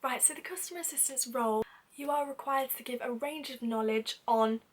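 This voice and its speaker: A woman's voice: high-pitched, brisk, distant mic. A young woman voicing a posh, formal male store manager in a storytime vlog. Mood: stiff politeness.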